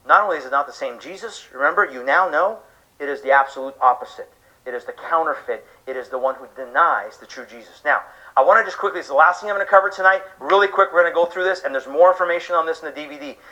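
Male preacher, high bright voice, emphatic lecture with rhetorical questions, live talk. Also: fast, low-quality recording. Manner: emphatic, rhetorical questions, acts out listeners' reactions. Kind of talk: sermon-style lecture to an audience.

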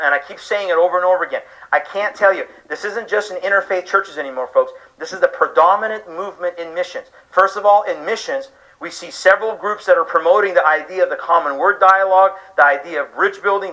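Male preacher, high bright voice, emphatic lecture with rhetorical questions, live talk. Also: fast talker, few pauses, dull audio. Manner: emphatic, rhetorical questions, acts out listeners' reactions. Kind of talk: sermon-style lecture to an audience.

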